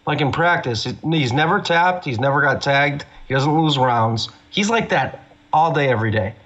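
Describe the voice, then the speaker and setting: A man's voice: medium pitch, expressive, normal speed, a bit bright, lo-fi sound. A man, a guest MMA analyst, ranting in heated casual chat and swearing freely. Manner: profane, fired-up ranting.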